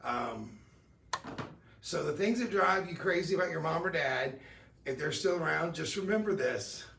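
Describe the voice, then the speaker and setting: Gravelly-voiced man hosting a shopping stream. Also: on the high side, expressive, moderate pace, bright, forceful tone, roomy sound, recorded from a distance, a little hiss or hum. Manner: chatty, upbeat, tells personal stories. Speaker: shopping channel host. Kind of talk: live-stream jewelry sales pitch.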